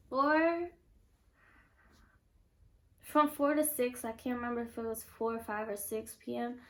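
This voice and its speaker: A young woman vlogger telling a personal story in a chatty, animated way and acting out what others said. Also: a little high. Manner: chatty, animated, acts out quotes. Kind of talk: casual storytelling to camera.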